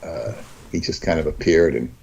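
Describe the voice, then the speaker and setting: Deep-voiced rambling man in conversation. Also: gravelly, a little mellow, muffled recording, a little hiss or hum. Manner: rambling, halting, many restarts. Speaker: guest. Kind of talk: casual conversation.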